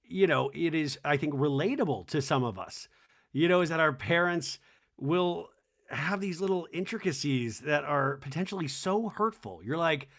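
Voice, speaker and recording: A man's voice: a little high, normal speed. A man hosting a podcast, recapping a reality TV episode in a chatty way and acting out the cast's lines. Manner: lively, acts out cast members' lines in exaggerated voices; chatty and conversational, with "right?" tags. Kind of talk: animated solo recap commentary.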